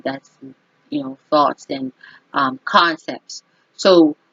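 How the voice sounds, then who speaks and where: A woman with a somewhat low voice delivers an emphatic, opinionated monologue as an astrologer, pressing her points and often checking in with "okay?". The recording is dry and close, with a dull, lo-fi tone. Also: a bit bright, no room sound. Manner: emphatic, keeps asking "okay?". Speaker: astrologer and vlogger.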